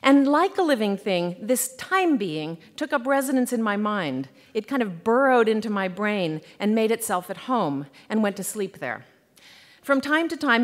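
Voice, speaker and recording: Thoughtful woman giving a keynote. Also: medium pitch. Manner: thoughtful, playful, slows on key phrases. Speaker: keynote speaker. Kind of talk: conference keynote talk. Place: conference hall.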